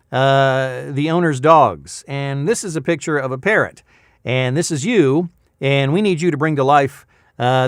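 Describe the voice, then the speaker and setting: Smooth-voiced chatty man in his fifties. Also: fairly high pitch, dry recording, studio quality. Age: 50s. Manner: rambling, chatty, with frequent fillers and laughs. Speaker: voice-over artist and vlog host. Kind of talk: casual weekly recap vlog.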